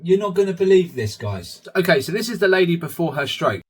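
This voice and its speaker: A man's voice: sits high, very animated, a little fast, slight background noise. A man hosting his own vlog, chatty commentary that keeps addressing viewers as guys. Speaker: channel host.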